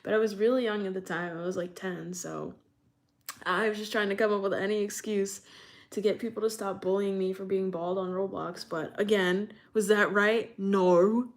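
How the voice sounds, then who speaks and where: A woman's voice: mid-range voice, steady tone, normal speed. A young woman from New York chatting casually on a live stream, reading out chat and laughing often.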